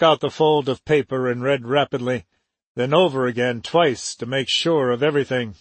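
A man narrating an audiobook in a steady, even reading. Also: mid-range voice, moderate pace, no room sound. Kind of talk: scripted narration.

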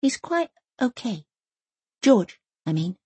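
A stubborn, inquisitive young girl, as an audiobook narrator puts her on, pressing her questions with pointed persistence. The voice sits higher than the narrator's own and has a husky edge, recorded close and dry. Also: very animated, slow, dark tone, no echo, heavily acted. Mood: probing. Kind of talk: audiobook character voice.

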